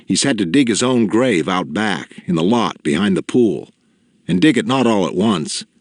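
A man reads a novel aloud in a measured, deliberate way, letting each line land with quiet gravity. His voice sits very low and full, and the recording is close and dry with no room sound. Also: no room sound. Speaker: audiobook narrator. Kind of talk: scripted narration.

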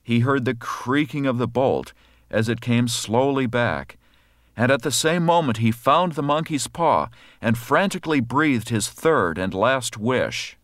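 A man narrating a horror story aloud in a measured, dramatic way. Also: mid-range voice, expressive, fairly bright tone, dry recording, clean studio sound.

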